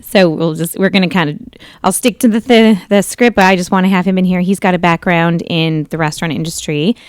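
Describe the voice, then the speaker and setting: A woman's voice: on the low side, fairly even intonation, fairly quick, dry recording, clean studio sound. A woman in her thirties hosting a talk radio show, telling stories in a chatty, rambling way with frequent self-corrections. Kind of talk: casual storytelling on talk radio.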